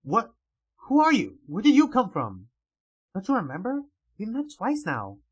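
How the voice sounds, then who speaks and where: A manic, unhinged female soldier, as a man puts her on while reading a comic aloud. She teases in a singsong way, her voice raised high and bouncing all over. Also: huge pitch swings, normal speed, husky, exaggerated voice. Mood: manic teasing.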